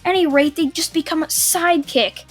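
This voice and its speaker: A brash, hot-headed teenage boy, put on by a young woman narrating in a fan-made anime story, barking taunts and insults in a high, forceful voice. He sounds quick to anger and loud. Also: steady tone, faint music behind, natural voice. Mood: angry taunting. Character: hot-tempered teenage boy, shouting rival.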